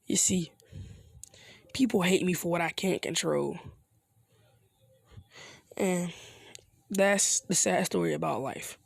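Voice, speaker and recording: A narrator telling an improvised fan story in a casual, slangy, halting way. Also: medium pitch, gravelly, husky, no echo, clean studio sound.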